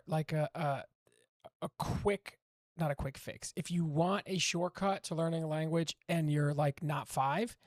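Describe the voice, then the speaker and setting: A man casually explaining his language-learning method to camera, rambling and animated, often cutting himself off mid-word. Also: on the high side, dry recording, studio quality. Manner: rambling, animated, self-interrupting, often acts out dialogue.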